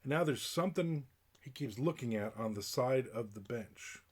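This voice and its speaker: A man's voice: mid-range voice, animated, moderate pace, breathy edge. A middle-aged man livestreaming, grumbling and ranting in casual chat about strangers near his house. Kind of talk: casual live-stream rant.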